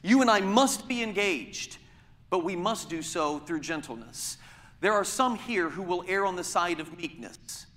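A man preaches with a high, bright voice. He presses his points with pointed rhetorical questions. His words ring out in a large hall with a long reverb. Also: lively intonation, a little slow. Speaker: pastor. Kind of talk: sermon.

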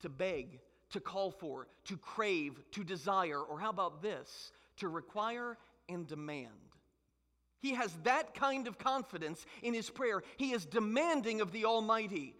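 High, bright-voiced preaching man. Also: animated, unhurried, big-room sound. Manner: emphatic preaching with rhetorical questions. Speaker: pastor. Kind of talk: sermon.

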